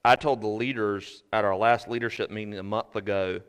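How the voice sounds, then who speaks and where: A man preaching a sermon as pastor, swinging from shouted fervor to quiet earnest talk. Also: on the low side, steady tone, fairly quick, smooth. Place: church sanctuary. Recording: preached in a reverberant hall.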